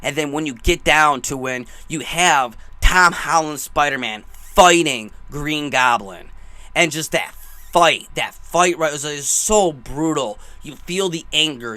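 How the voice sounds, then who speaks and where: A young man giving an excited, rambling movie review, gushing and emotional as he talks. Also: fairly high pitch, unhurried.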